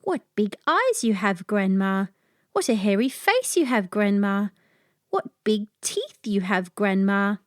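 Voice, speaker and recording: A woman voicing a cheerful, helpful little girl in a children's storybook, speaking brightly and earnestly. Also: mid-range voice, sing-song, unhurried, no echo, studio quality. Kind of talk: storybook character voice.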